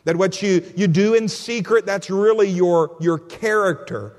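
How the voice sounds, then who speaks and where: Man, pastor, preaching a sermon, emphatic, repetitive, high-pitched, long hall echo. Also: a little slow, darkish tone. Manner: emphatic, repeats key phrases, calls listeners friend.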